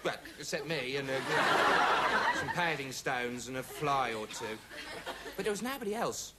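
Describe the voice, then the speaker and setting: A man's voice: medium pitch, animated, a little slow, over a noisy crowd, lightly acted. An actor playing a dim, rambling young man who calls himself an investigator, talking in a digressive TV sketch comedy monologue full of "you know" and "right". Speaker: comic character monologue. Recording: noisy early 1980s TV audio with loud studio audience laughter.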